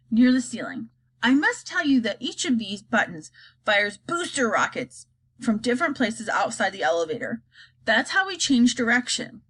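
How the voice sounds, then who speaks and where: A woman reading aloud and voicing an eccentric, bossy grown man piloting a flying glass elevator, brisk and theatrical. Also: a little high, a bit bright, breathy edge, exaggerated voice.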